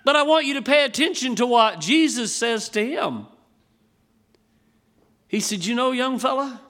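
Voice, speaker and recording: A man preaching a sermon in a folksy, emphatic way, often asking his listeners questions and reading scripture slowly. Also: very high-pitched, animated, fairly bright tone. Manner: reads scripture slowly in King James wording.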